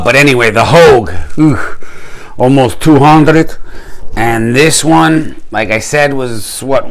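A guy talking straight to his viewers in a loose, slangy way. He gets worked up and animated, and his voice sits at an ordinary middle pitch for a man. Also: clear, resonant tone. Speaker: YouTube gear channel host. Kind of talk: casual chat to camera.

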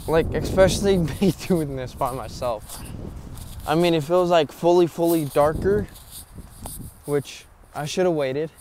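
A nervous young man speaks slowly to his audience, rambling and swearing, a little out of breath. He is outdoors at night, with faint background noise around him. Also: fairly high pitch. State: short of breath. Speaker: paranormal vlogger. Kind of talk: casual vlog talk to camera.

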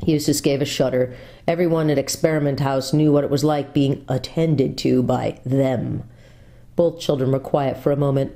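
A woman pastor reading a children's book aloud, telling it with expressive, lively storytelling. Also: rumbling low, normal speed.

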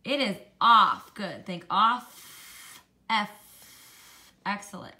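Slow, bright-voiced phonics teacher woman. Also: medium pitch. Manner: slow, encouraging, modelling sounds for kids. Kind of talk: children's phonics lesson.

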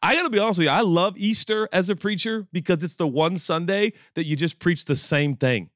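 A man in his forties preaching a sermon, telling stories and joking with the congregation in an animated way. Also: sits high, a little fast, dry recording, clean studio sound. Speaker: pastor. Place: church auditorium with audience.

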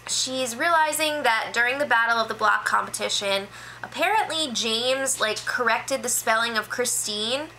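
Bright-voiced chatty woman recapping. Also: fairly high pitch, slight background noise, rough recording. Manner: chatty, filler-heavy, quick impressions of people she quotes. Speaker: reality show recap host. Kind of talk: casual spoiler recap.

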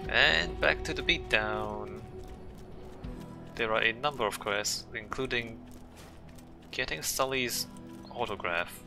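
Calm musing man over game music. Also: medium pitch, slow, gravelly, long pauses. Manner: calm, musing, talks to himself. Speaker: gameplay streamer. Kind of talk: casual gameplay commentary.

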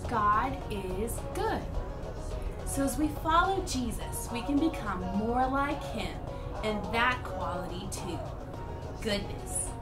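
A woman leads a children's church lesson in a high, animated voice that swings up and down, acting out little scenes of frustration in a playful way. She takes her time, and she sounds a little distant from the mic while clear music plays behind her. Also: slow pace. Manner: lively, exaggerated storytelling, acting out frustration.

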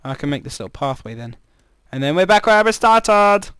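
A man's voice: high-pitched, big pitch swings, normal speed, a bit bright, clean tone, no room sound, studio quality. Chatty man rambling over gameplay. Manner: chatty, rambling, jumpy exclamations. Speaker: gamer. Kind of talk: casual gameplay commentary.

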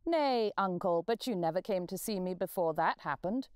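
Woman playing a bright, pleading young nephew, lilting and high, storybook. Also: animated, normal speed, clean tone, no room sound, natural voice. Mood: earnest pleading. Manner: pleading, warm-hearted. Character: cheerful earnest young man, hopeful nephew.

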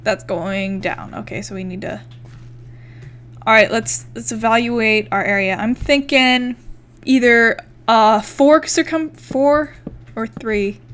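Chatty young woman gamer, high voice. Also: takes it slowly, a bit bright. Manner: chatty, swears freely, thinks aloud while counting blocks. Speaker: gaming YouTuber. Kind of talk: casual Minecraft let's play commentary.

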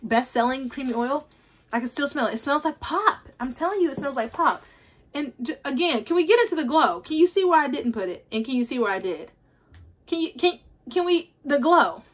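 A woman's voice: high voice, brisk. Chatty woman vlogging a haul. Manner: chatty, animated, talks straight to viewers. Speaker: beauty vlogger. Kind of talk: casual haul video chat. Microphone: ring light setup, camera at desk.

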